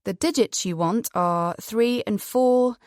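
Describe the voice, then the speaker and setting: A woman's voice: animated, a little slow, dry recording, clean studio sound. A woman voicing a cocky, nonchalant young man who jokes wryly and offhandedly in an audiobook. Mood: cocky teasing. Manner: lower, wry, offhand.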